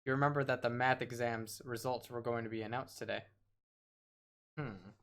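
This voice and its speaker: Streamer guy reading a horror game out loud, mid pitch, wry little asides. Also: fairly even intonation, moderate pace. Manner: wry asides, trips over words while reading.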